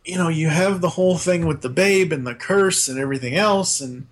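A man talking in a casual podcast chat, walking through a movie's story with plenty of ums and false starts. His voice sits a bit high for a man. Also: brisk. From Boston area. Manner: recaps plot with many fillers and restarts. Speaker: podcast co-host.

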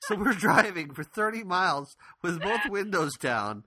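A man co-hosting a casual podcast, telling a story with lots of energy and laughter. His voice moves up and down a lot and has a bright, forward tone. It sounds close and dry. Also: sits high, very animated, unhurried, breathy edge, dry recording. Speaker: podcast co-host.

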